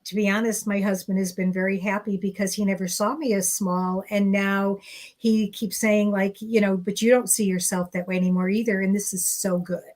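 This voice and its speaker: A woman's voice: mid-range voice, flat delivery, normal speed, a little mellow. A woman guest on a podcast interview, talking candidly and earnestly about finding her voice. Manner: earnest, candid, acts out remembered dialogue. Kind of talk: conversational interview.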